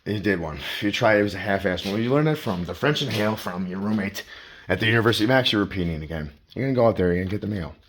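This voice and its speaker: A man's voice: fairly low pitch, expressive, rapid-fire. A man vlogging as he walks around his home, rambling and swearing as he talks to himself in the second person. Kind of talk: rambling self-talk vlog. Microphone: handheld phone.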